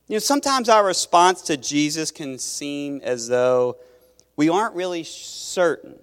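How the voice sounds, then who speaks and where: A man's voice: a little high, expressive, a little slow, a bit bright. A man preaching a sermon as pastor, in a conversational way that restarts phrases and questions his listeners. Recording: long reverb of a large hall.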